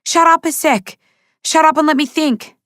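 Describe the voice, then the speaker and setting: A woman doing a jittery young man, tense and high. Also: moderate pace, no echo, clean studio sound, close to an everyday voice. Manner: tense, pleading.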